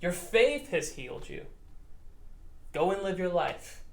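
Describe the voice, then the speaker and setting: A man voicing a kind, calm teacher figure who speaks gently and reassuringly, recorded in a roomy space. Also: high voice, slow pace, vocal fry, full character voice. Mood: gentle. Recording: roomy echo.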